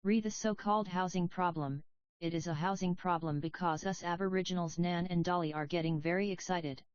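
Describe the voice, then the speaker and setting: Woman reading as a defiant, insistent activist mother; low pitch, dry and slightly dull sound. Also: steady tone, a little fast, smooth, no echo, close to an everyday voice.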